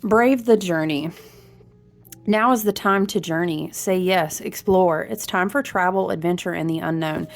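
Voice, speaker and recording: A woman talking casually to viewers in a spiritual vlog, animated and chatty, drifting between topics and often breaking into high exclamations. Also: unhurried, creaky, soft background music. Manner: speaks to viewers as friends, slangy and warm-hearted. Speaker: tarot reader.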